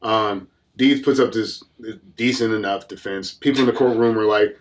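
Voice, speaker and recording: A man's voice: fairly low pitch, steady tone. Podcast co-host, male, casual rambling recap, keeps slipping into bits. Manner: rambling, acts out characters in quick voices. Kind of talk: casual movie recap chat.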